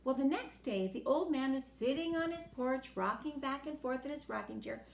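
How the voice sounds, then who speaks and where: A woman telling a children's story in an animated, expressive way. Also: high voice, normal speed, vocal fry. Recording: echoey room.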